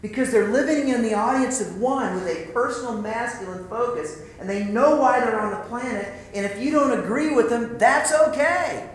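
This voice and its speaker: A man's voice: very high-pitched, normal speed, hardly any pauses, echoey room, poor audio. A man telling a personal story in a sermon-like talk, speaking straight to the men as "guys" in a casual, conversational way. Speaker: speaker at a men's ministry.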